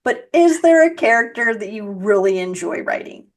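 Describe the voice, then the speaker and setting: A woman's voice: medium pitch, sing-song, normal speed. A woman hosting a podcast interview, asking long, meandering questions full of restarts. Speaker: podcast host. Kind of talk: casual interview chat.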